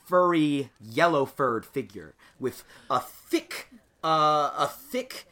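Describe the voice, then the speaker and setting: A man's voice: a little high, expressive, slow, pushed and bright. A man narrating as game master in a rambling, laughing way.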